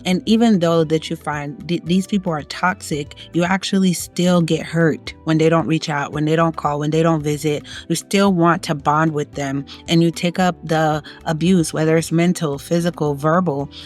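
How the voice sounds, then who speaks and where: A woman's voice: deep voice, steady tone, moderate pace, hardly any pauses, soft background music. Emphatic woman giving preachy life advice. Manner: emphatic, preachy, repeats key phrases, acts out inner voices. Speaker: self-help vlogger. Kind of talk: motivational advice monologue.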